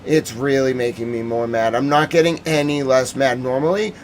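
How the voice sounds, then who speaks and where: A man's voice: medium pitch, steady tone, moderate pace, slight background noise. A man hosting a live-stream news recap, ranting with heated emotion and answering viewer chat. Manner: reads viewer chat aloud. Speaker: host.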